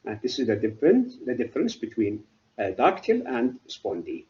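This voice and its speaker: A middle-aged man giving a university literature lecture, halting and often asking then answering his own questions. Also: medium pitch, wildly swooping pitch, lo-fi sound. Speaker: literature professor.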